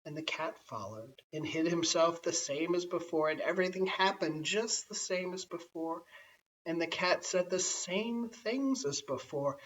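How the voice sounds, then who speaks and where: A man reads a bedtime story in a gentle, measured way. He sits a little back from the mic, and the recording sounds dull and lo-fi. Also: on the high side, expressive. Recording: slightly distant, dull lo-fi home recording.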